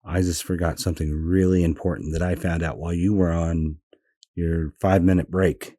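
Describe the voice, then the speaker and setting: A man with a very deep, dark voice talks comics with a co-host. The sound is dry and close, with no room around it. His sarcasm is deadpan and easy to miss. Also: normal speed, no echo. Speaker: podcast co-host. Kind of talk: casual chat about comics.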